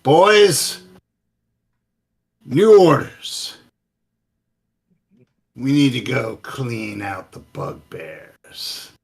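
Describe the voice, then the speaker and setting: A greedy gnoll boss with a taste for raw meat, gruff and pushed up high above the man's own voice. A man puts him on as a gruff creature who barks at his troops in a tabletop game. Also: sing-song, extremely slow, long pauses, exaggerated voice. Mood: commanding. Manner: gruff, barking orders with relish. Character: greedy, bloodthirsty male gnoll leader.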